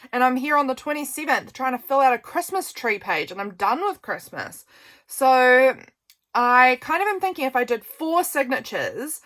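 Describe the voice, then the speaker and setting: A woman's voice: fairly high pitch, bright, forceful tone. Chatty New woman crafting. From New Zealand. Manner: chatty, self-deprecating, thinks aloud. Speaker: crafting channel host. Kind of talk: casual crafting chat.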